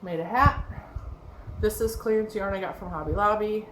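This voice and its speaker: Chatty crochet lady rambling about her yarn, bright voice, echoey room with a little hiss. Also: mid-range voice, moderate pace. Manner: chatty, rambling, laughs often. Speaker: crochet vlogger. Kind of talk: casual show-and-tell chat. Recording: echoey room with faint background noise.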